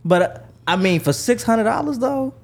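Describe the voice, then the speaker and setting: A young man from Chicago, a podcast guest, telling stories in casual chat and acting out the people he quotes. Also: moderate pace. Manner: animated storyteller, acts out quoted people in a higher voice.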